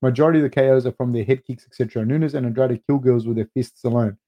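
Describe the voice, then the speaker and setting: A man's voice: medium pitch, fairly even intonation, fast, dark tone. A middle-aged man hosting a live fight recap show, reading viewer comments aloud and answering them in a loose, profane, rambling way with lots of fillers.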